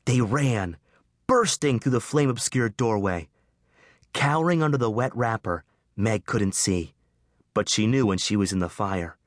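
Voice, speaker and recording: Lively male audiobook narrator. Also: fairly low pitch, unhurried, no room sound, clean studio sound. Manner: expressive storytelling. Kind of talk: scripted narration.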